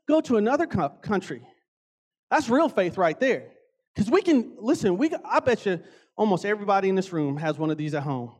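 A man preaching a casual sermon, animated and conversational, often acting out voices. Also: very high-pitched.

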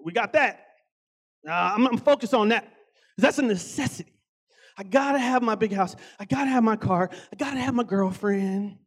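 Give me an animated, conversational male preacher with a very high voice. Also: moderate pace, breathy edge. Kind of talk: casual sermon.

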